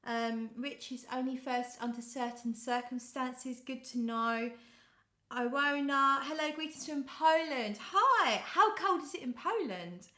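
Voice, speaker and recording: A woman's voice: high-pitched, a little slow, reverberant. A British woman hosting a casual fragrance live stream, greeting viewers by name and reading out their comments. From United Kingdom. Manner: coos softly when talking to her cat. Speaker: fragrance livestream host. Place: home room.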